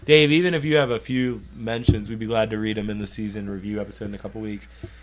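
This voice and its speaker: A man's voice: lowish voice, steady tone, fast. A man co-hosting a sports podcast, running the segments, reading listener tweets and teasing his friends in casual chat. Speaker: podcast co-host. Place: studio room shared with co-hosts.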